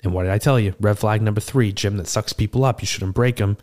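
A man playing a seasoned male tortle cleric, telling a rambling, animated, self-deprecating tavern tale in a tabletop game. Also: lowish voice, fast, lightly acted. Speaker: player. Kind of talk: in-character tavern storytelling.

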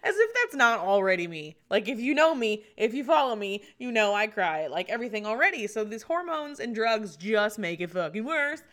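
A woman's voice: a little high, very animated, moderate pace, hardly any pauses, fairly bright tone. A woman in her thirties hosting her own show, chatting alone in a rambling way, swearing and laughing often. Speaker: podcast host. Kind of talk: casual solo chat.

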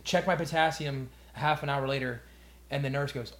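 A man's voice: mid-range voice, normal speed, slight background noise. A young man co-hosting a podcast, telling a story in casual chat, acting out the quotes and swearing freely. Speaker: podcast co-host.

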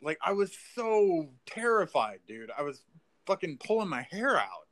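A man in casual podcast chat, rambling excitedly through a story with lots of filler words and swearing. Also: sits high, measured pace. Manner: rambling, profane, filler-heavy, says "like" and "dude".

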